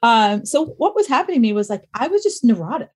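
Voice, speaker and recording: A woman's voice: on the high side, very animated, quick pace, darkish tone, husky. A woman in her thirties, a trainer and podcast guest, animatedly telling a personal story and acting out quotes. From US East Coast. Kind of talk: casual interview storytelling.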